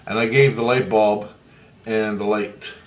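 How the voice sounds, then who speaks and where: A man's voice: fairly low pitch, fairly even intonation, a little slow. A man casually telling a long story in a rambling, repetitive way, swearing freely. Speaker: vlogger. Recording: echoey room.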